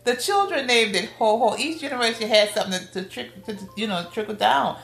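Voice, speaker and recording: A middle-aged woman with a New Orleans accent, a podcast guest telling family stories in a lively, casual way and acting out the voices of her relatives. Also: fairly quick, vocal fry. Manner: lively storyteller, acts out family quotes with big pitch jumps. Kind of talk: casual storytelling interview. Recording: roomy room with faint music behind.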